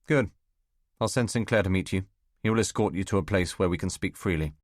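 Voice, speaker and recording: A man's voice: low-pitched, brisk, no echo, studio quality, close to an everyday voice. A man voicing a tense male spymaster who answers in terse, guarded phrases. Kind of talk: audiobook character voice.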